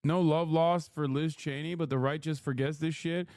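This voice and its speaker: Man, high voice, streamer rant, profane, exasperated, dry close mic. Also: fairly even intonation, normal speed, darkish tone, no echo. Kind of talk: ranting live-stream commentary.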